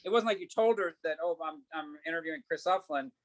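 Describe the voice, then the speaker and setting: A man's voice: fairly high pitch, fast talker, rough recording. A middle-aged man, an actor, telling stories in a casual interview, acting out quoted dialogue and swearing casually. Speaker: actor guest.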